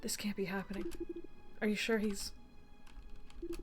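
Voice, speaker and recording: A woman voicing a shaken, anxious young agent who pleads in halting, stammering lines. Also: mid-range voice, flat delivery, soft background music, natural voice. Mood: distraught.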